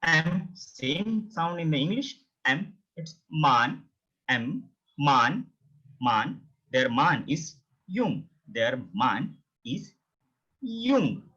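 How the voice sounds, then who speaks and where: A man's voice: a little high, lively intonation, extremely slow, bright, forceful tone, husky. A man teaching a beginner language lesson, repeating each word several times. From India. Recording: dull, lo-fi sound.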